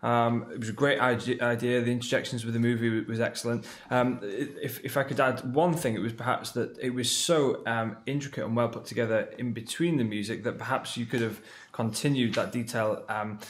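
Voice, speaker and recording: A man from Yorkshire comments on a band performance with enthusiasm and offers a measured critique. His voice sits in a middle register. The room gives it a noticeable echo. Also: mid-range voice, fairly even intonation.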